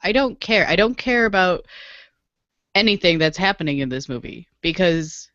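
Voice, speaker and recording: Low-voiced woman chatting emphatically on a podcast. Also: expressive, moderate pace, fairly bright tone, no echo, lo-fi sound. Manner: emphatic, repeats herself, laughs often. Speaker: podcast co-host. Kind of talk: casual podcast chat.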